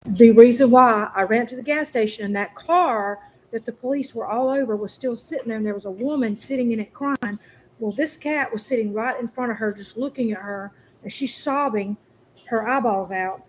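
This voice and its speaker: A woman's voice: a little high, moderate pace, poor audio. Woman vlogger, rambling phone update, faint noise behind. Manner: rambling, chatty, repeats herself. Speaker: cat rescuer vlogger. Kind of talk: casual vlog update. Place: hot day, in or near her truck.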